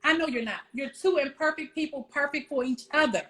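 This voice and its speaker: A woman relationship coach talking in a casual chat, animated and quick to laugh, acting out little quoted scenes. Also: sits high. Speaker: wife coach, guest. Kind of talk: casual chat on a virtual show.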